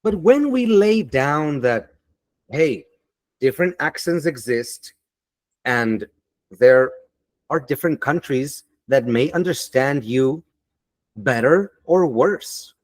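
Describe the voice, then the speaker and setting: A man giving an online teaching webinar in a deliberate, emphatic and motivational way, on a computer mic over a video call. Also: medium pitch, lively intonation, no echo.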